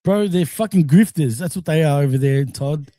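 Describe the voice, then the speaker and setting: A man with a high, mellow voice talks loosely through a live stream. He rambles, curses freely and laughs between his sentences. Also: normal speed. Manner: rambling storyteller, swears a lot and laughs often. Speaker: stream host. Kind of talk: casual live-stream chat.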